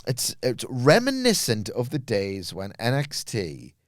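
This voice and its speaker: Male co-host, sarcastic dry quips, lively pitch, close dry sound. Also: unhurried, no echo. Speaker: podcast co-host. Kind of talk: casual wrestling review chat.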